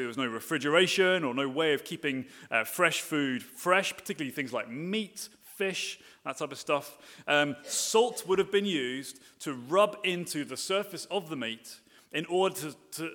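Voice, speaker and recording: Pastor preaching in a reverberant hall. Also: male voice, fairly high pitch, a bit bright. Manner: many fillers and restarts, builds to emphatic repeated phrases. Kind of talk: sermon. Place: church hall, live sermon. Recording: long reverb of a church hall.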